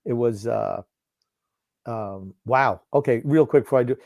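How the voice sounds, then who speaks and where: A gruff, blunt man co-hosting a casual college football watchalong, drifting into rambling asides. His voice sits at a middling pitch and sounds dry and close, with no room echo. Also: measured pace, a little mellow. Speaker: podcast co-host called Grump. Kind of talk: casual game watchalong chat.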